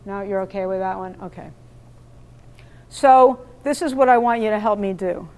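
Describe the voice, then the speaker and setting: A woman's voice: medium pitch, moderate pace, a little mellow. A woman presenting an interactive parenting workshop, speaking emphatically and questioning her audience in a meeting room. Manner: emphatic, quizzes the audience, role-plays lines to kids.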